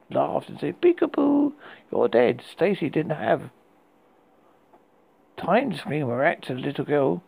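Gravelly UK man narrating horror stories, halting, lively pitch. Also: low-quality recording. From United Kingdom. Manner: halting, with frequent restarts. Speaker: horror podcast host. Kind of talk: storytelling narration.

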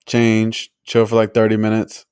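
A man's voice: on the low side, monotone, a little slow, darkish tone, clear, resonant tone, dry recording, studio quality. A young man co-hosting a podcast, chatting casually and rambling with lots of filler words. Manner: rambling, many "like" fillers, laughs easily. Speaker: podcast co-host. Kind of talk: casual chat.

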